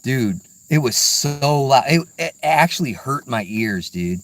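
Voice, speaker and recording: Out in the woods, a middle-aged man vlogs about hunting in a loose, rambling way, tossing around "dude" and "man." He sounds animated but a little slow, at medium pitch, with slight background noise.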